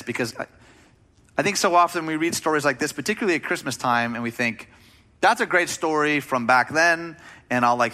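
A man's voice: medium pitch, bright, forceful tone. A man preaching a sermon as a pastor, speaking in a conversational, emphatic way with rhetorical questions.

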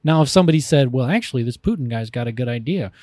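A man's voice: mid-range voice, lively intonation, racing, a little mellow, no echo, clean studio sound. A man co-hosting a podcast, chatting casually, rambling and enthusiastic with frequent restarts. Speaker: podcast co-host. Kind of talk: casual chat.

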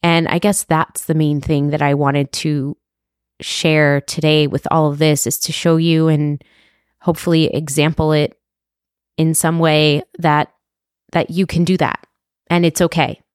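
Low, smooth-voiced woman podcast host. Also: flat delivery, unhurried, no room sound, studio quality. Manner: earnest and heartfelt, with restarts and soft laughs. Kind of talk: reflective solo podcast monologue.

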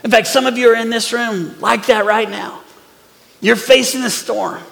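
Male pastor, forties, high gravelly voice, animated sermon, long hall reverb. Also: moderate pace. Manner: animated preaching, swings from loud to hushed. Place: church sanctuary.

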